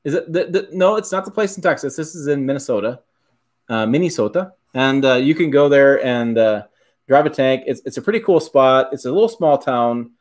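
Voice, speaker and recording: A middle-aged man from Michigan hosting a laid-back livestream, his voice sitting at an ordinary middle pitch. He rambles through stories, stops to correct himself, and chuckles as he answers viewer questions. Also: lively intonation, brisk. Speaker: livestream host.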